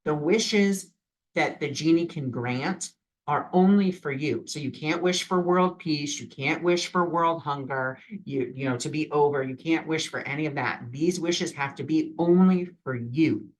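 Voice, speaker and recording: A vlogger offering spiritual advice speaks a little slowly in a fairly high-pitched voice. Talking about imagination on his own channel, he's casual and earnest, with loose phrasing and many fillers.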